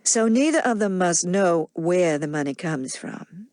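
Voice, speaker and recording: A woman voicing a smooth, crafty grown man who coaxes and persuades without hurrying. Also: fairly low pitch, animated, unhurried, darkish tone, no room sound. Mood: persuasive.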